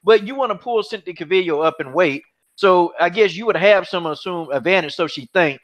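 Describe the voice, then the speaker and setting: A man's voice: high voice, brisk, a bit bright. A man hosting an MMA podcast who talks in a heated, mocking way, repeating himself and swearing freely. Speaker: podcast host. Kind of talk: heated casual MMA chat. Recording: dull, lo-fi podcast audio.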